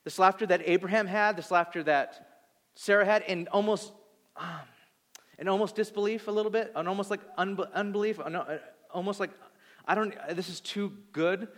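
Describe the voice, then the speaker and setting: A man in his thirties preaching a sermon, animated, acting out voices and swinging between loud and soft. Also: high voice, normal speed. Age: 30s. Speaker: pastor. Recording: long hall reverb.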